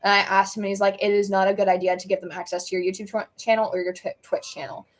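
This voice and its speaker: Young woman streamer, mid pitch, reading her own story aloud, stumbles and self-corrects. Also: flat delivery, fast, rough recording.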